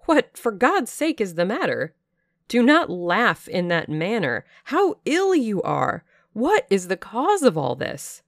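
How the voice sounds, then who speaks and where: A woman's voice: mid-range voice, wildly swooping pitch, slow, dry recording, studio quality, voice pushed up, full character voice. A woman voicing an alarmed young man, a devoted friend crying out urgently in an audiobook reading. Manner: pleading, urgent cries. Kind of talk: audiobook character voice.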